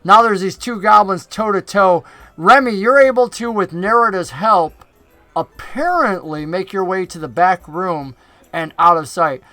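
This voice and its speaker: Give me a man running a tabletop game, with a high, bright voice over a dry mic. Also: measured pace, no room sound, faint music behind. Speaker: game master.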